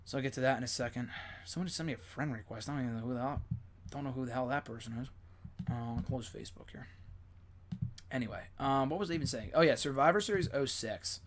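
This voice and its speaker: A man's voice: mid-range voice, fast, slight background noise. Rambling young male live-stream host. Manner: rambling, fillers, excited swearing. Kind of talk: casual live-stream chat.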